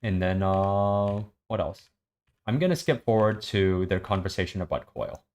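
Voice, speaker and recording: A man recapping and reading a web serial aloud, halting with many ums. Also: deep voice, darkish tone. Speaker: story reader.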